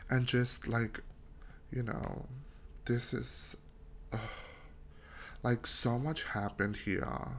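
Slow, gravelly young man gushing casually. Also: mid-range voice, steady tone, slight background noise. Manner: gushing and slangy, heavy on fillers and swearing. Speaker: podcast host reviewing books. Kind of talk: casual solo podcast review.

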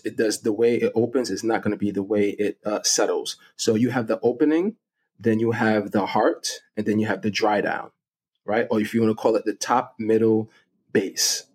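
A middle-aged man with a low voice talks as an interview guest, explaining his topic eagerly. He laughs often and keeps a relaxed, chatty flow. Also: normal speed. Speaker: guest fragrance connoisseur. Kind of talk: casual interview.

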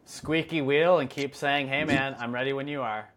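A man's voice: mid-range voice, fairly even intonation, normal speed, fairly bright tone. Supportive man co-hosting over a call. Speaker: podcast co-host. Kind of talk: casual chat. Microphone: video call.

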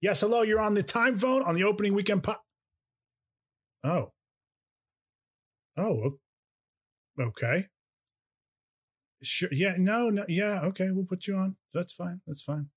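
A man's voice: high-pitched, lively intonation, unhurried, long pauses. A man hosting a comedy podcast, introducing callers in a playful, mock-formal announcer manner. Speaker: podcast host.

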